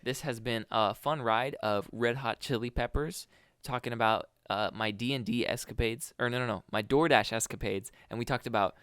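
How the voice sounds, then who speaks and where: A man co-hosting a podcast, talking in a relaxed, slangy way and calling his friend "bro". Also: medium pitch, normal speed, smooth, no room sound, studio quality. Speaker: podcast co-host. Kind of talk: casual podcast chat.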